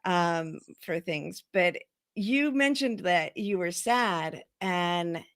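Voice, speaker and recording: A woman's voice: fairly low pitch, lively intonation, very slow, a bit bright. Woman host chatting over a video call, thoughtful, laughs a lot. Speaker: talk show host. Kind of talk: casual chat.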